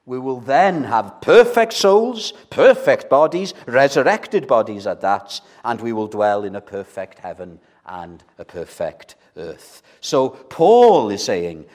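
A man's voice: mid-range voice, sing-song, slow pace, few pauses, darkish tone. An older man delivers a sermon with an emphatic, direct manner. He repeats key phrases for weight and keeps turning to his listeners with questions. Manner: direct, asks the congregation questions. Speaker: preacher.

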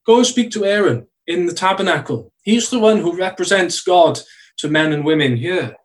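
A man preaching a sermon in a church, earnest, slowing down to stress key phrases. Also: sits high, animated, distant mic, poor audio.

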